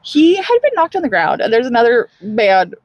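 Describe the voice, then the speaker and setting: Animated, husky-voiced woman recapping a book. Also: a little high, moderate pace, no echo, muffled recording. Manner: animated storytelling with frequent laughter and acted-out quotes. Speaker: podcast co-host. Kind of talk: casual book recap chat.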